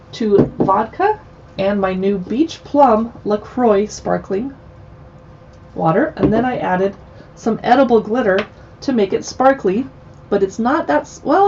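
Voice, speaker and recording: A woman's voice: medium pitch, a little mellow, lo-fi sound, slight background noise. A woman hosting a casual livestream chat, chatty and playful with joking asides. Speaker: livestream host.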